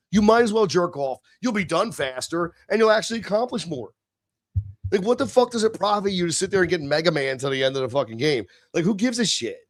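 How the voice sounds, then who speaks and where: A tipsy man hosting a live stream, ranting and swearing, swinging between low mutters and shouted outbursts. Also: no room sound, clean studio sound. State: tipsy from beer. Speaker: livestream host. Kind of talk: profane live-stream rant.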